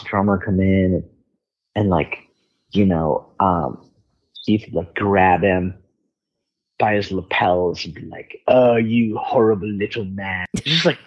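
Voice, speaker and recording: A guest musician on a podcast tells a story in casual chat, swearing freely and animatedly acting out other people's voices. His voice is lowish and the audio sounds dull.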